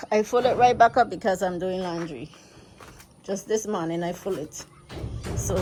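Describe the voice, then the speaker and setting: An American woman from the United States giving a casual, easygoing walking tour of her rural homestead and talking straight to her viewers, recorded outdoors on a handheld phone. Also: medium pitch. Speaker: vlogger. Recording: loud outdoor background noise.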